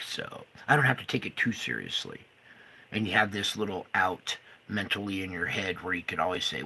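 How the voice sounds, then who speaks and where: A man ranting furiously to camera, swearing and swinging between loud outbursts and low muttering. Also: creaky, husky. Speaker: video creator. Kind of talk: angry monologue to camera.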